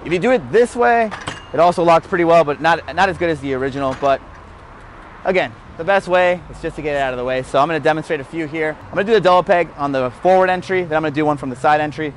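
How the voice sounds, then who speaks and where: A somewhat high-voiced man explains tricks in a loose, joking way and teases himself along the way. He is out of breath and talks into a lapel mic outdoors. Faint traffic hums behind him. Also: quick pace. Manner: joking, self-mocking, chatty. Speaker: BMX rider hosting a how-to. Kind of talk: casual spoken tutorial. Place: outdoors by a street rail.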